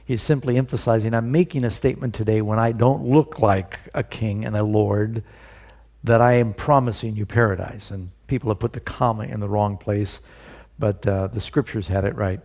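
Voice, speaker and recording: A man's voice: fairly low pitch, fairly even intonation, moderate pace, darkish tone. A male pastor preaching a sermon, putting rhetorical questions to his listeners and stressing key words.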